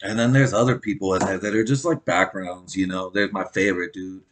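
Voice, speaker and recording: A man's voice: low-pitched, steady tone, brisk, slight background noise. A man telling a profane, rambling comedic recap of a reality show, swearing constantly and laughing at his own jokes.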